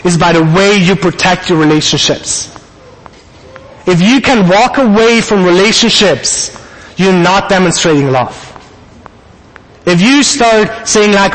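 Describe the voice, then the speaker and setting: A man preaching a sermon, telling a family story with animated quoted asides. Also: high-pitched, a little slow, in a large hall, poor audio. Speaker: pastor.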